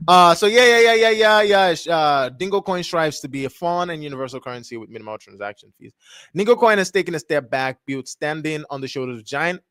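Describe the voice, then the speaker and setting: A young man talks through a crypto chart on a livestream in a casual, rambling way, reading web text aloud haltingly and correcting himself as he goes. His voice sits a bit high, and the close mic leaves it dry with no room sound. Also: fairly bright tone, no echo. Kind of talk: casual thinking-aloud screen review.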